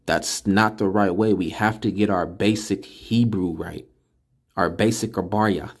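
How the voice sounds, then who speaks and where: A man with a deep, gravelly voice talks through a casual screen-recorded lesson at a slow, deliberate pace. He breaks words into syllables and repeats them patiently, as if drilling a class. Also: fairly even intonation. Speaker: religious teacher. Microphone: computer mic while screen recording.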